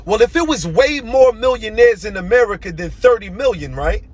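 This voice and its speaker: A man's voice: high-pitched, animated, moderate pace, lo-fi sound. A young man delivering an impassioned, emotional monologue, hammering his points with repeated phrases.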